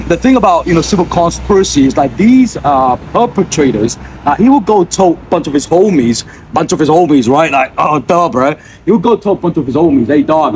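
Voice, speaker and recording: A man's voice: a little high, a little mellow, slight background noise. A man rambling to camera from a street bench, full of fillers and repeated slang tags. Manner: meandering, filler-heavy, keeps tagging sentences with a slangy address. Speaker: vlogger.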